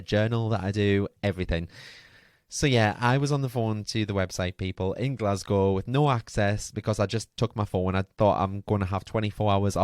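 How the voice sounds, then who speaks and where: In a smooth, low voice captured with clean studio sound and no room echo, a podcast host delivers a casual storytelling monologue. His tale rambles along, packed with fillers and side comments.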